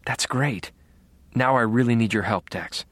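Brief: male narrator doing an eager young policewoman, soft. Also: medium pitch, measured pace, no room sound. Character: young female patrol cop, eager.

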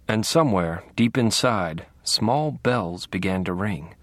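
Dry, deadpan male audiobook narrator. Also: deep voice, a little slow, no echo. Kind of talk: first-person audiobook narration.

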